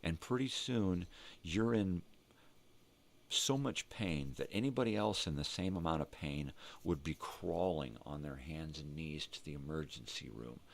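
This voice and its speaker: An older man hosting a rambling morning vlog, talking to himself and cursing freely as he thinks out loud. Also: very deep voice, a little slow, creaky. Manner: rambling, profane, talks to himself. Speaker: vlog host.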